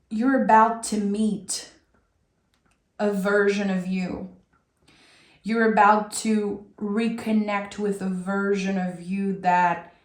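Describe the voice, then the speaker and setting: A woman giving a soft, heartfelt tarot reading with many pauses, speaking straight to her viewer. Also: medium pitch, roomy sound. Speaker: tarot reader. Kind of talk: emotional tarot reading monologue.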